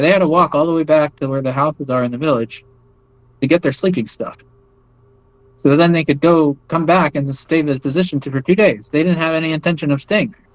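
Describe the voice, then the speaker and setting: A man's voice: a little high, no room sound, low-quality recording. Rambling American man, dry close sound. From United States. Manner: rambling, many fillers and restarts. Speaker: interview guest recounting experiences. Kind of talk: casual spoken storytelling.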